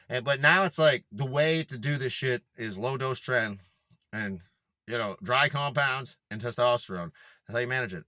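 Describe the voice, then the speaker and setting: A man's voice: medium pitch, bright, forceful tone, dry recording. A young man in a casual monologue to camera, talking in a rambling, emphatic way full of swearing and filler words. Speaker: fitness vlogger.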